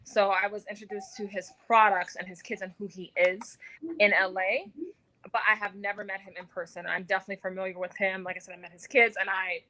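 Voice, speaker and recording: A woman's voice: medium pitch, level tone, brisk, pushed and bright, rough recording. A woman giving a casual radio interview as an actress and guest, talkative with many filler words.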